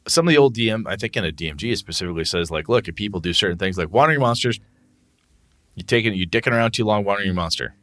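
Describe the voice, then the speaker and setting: Male podcast co-host, animated and profane, bright tone, dry close mic. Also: on the low side, racing, dry recording. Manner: animated, profane, acts out what he says to players. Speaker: podcast co-host and game master. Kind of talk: casual podcast chat.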